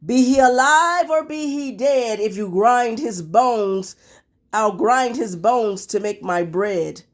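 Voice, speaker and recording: A woman voicing a huge, hungry male giant in a storybook reading, chanting in a booming voice. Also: slow. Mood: menacing.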